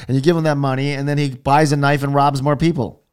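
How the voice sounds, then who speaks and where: A man's voice: medium pitch, flat delivery, fast, smooth. A man from Hawaii co-hosting a casual podcast, telling stories in a rambling, profane way. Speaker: podcast co-host. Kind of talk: casual chat.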